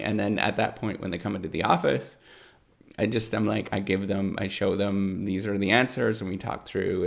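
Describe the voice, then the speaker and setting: A middle-aged professor with a low, gravelly voice gives rambling, unscripted advice to camera, full of fillers and repeated words.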